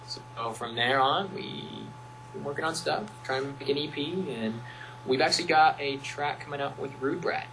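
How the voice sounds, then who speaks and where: At a moderate pace, a young music producer speaks in a fairly high, pushed and bright voice, captured on a rough recording with slight background noise. He's chatting casually in an interview, spinning playful, rambling stories and performing the quotes.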